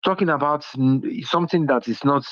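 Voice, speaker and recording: A man's voice: fairly high pitch, fairly quick, a bit bright, no room sound. A man calling in, emphatic and repeating single words over and over, on a dull phone line. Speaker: caller. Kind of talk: phone call-in rant.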